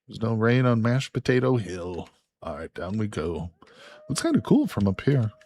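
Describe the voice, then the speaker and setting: A man's voice: lowish voice, very animated, normal speed, a little mellow, a little hiss or hum. A man from Illinois casually commentating a multiplayer game on a live stream, laid-back and joking as he goes. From Illinois, USA.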